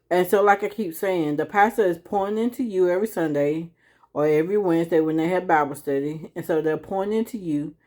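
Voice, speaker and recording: Slow, low-voiced woman teaching scripture. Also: a little mellow. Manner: conversational, keeps checking in with "right?"; reads scripture slowly and deliberately. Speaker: Bible teacher. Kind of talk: informal Bible teaching to camera.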